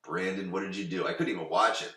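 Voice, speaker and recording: A young adult man hosting a podcast, recapping an episode in a rambling, profane, animated way. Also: sits low, fast. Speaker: podcast host. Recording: roomy echo.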